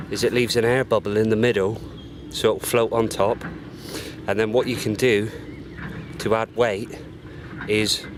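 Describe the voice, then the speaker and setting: A man, chatting casually while fishing outdoors by a lake and explaining his steps as he goes, sometimes whispering to stay quiet. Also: lowish voice, background noise. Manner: whispers to keep quiet by the water. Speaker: fishing vlogger.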